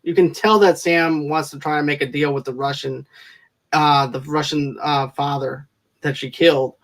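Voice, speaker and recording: A man on a casual movie review podcast, talking through a film's plot with rambling enthusiasm and lots of "uh"s. His voice sits a little higher than most men's. He keeps the talk loose and friendly. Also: steady tone, moderate pace. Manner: rambling, enthusiastic plot recap with frequent fillers.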